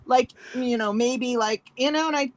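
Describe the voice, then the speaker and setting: A woman's voice: sits high, normal speed, no room sound. A woman in casual chat, talking in a chatty way with plenty of filler words. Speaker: live stream chat participant.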